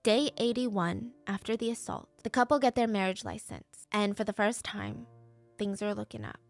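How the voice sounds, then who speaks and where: A woman's voice: medium pitch, animated, moderate pace, faint music behind. A woman host narrating a true crime case in a conversational, emotionally invested way.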